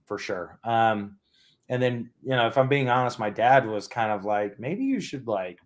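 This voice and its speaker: A man's voice: lowish voice, fairly even intonation, normal speed. A young man from Alabama, a podcast guest in casual interview chat over a remote call, easygoing and thinking aloud with many fillers.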